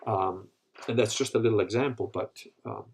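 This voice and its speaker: Husky man ranting crudely on a stream. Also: fairly low pitch, moderate pace. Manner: crude, rambling, animated storytelling with profanity. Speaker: host answering live questions. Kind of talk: live Q&A talk.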